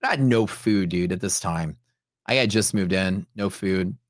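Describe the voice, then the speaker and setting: This is a livestream host and futures trader telling rambling stories on his live trading stream, casual and chatty, with plenty of "like" and "dude." His voice is low and moderately paced, recorded with studio quality and no echo.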